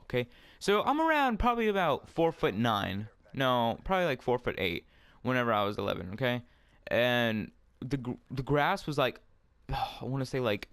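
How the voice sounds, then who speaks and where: A man's voice: mid-range voice, a bit bright. A young man casually telling a rambling story, full of fillers and swearing, while playing a game at home. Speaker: storyteller vlogger.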